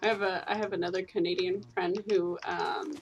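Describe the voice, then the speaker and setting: A woman's voice: on the low side, level tone, brisk, lo-fi sound, a little hiss or hum. A woman from the United States hosting a gaming channel, chatting casually while she plays, giggling often and filling gaps with ums. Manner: giggly and chatty, many fillers. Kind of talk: casual chat while playing a game.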